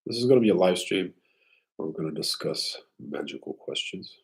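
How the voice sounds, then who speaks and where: A man hosting a casual live stream, talking loosely and often clearing his throat. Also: sits low, lively intonation, fairly quick, rough recording.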